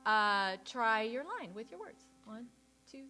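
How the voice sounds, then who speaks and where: Leading choir practice, this woman sings parts as examples and counts the beats aloud, staying patient and supportive. Her voice is slightly high and very animated, yet she speaks slowly, with a piano audible behind her in the rehearsal room.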